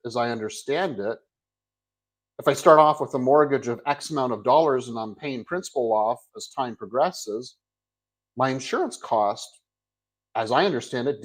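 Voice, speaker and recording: A man's voice: medium pitch, rough recording. Rambling friendly male host. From Canada. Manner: rambling, self-correcting, friendly. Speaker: host, tax accountant. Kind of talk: casual interview talk.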